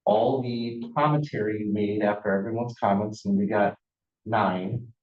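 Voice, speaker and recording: A man's voice: on the low side, fairly even intonation, normal speed, echoey room, muffled recording. A man speaking as a board trustee at a village meeting, insistent and accusatory. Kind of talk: heated public meeting debate. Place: village hall meeting room.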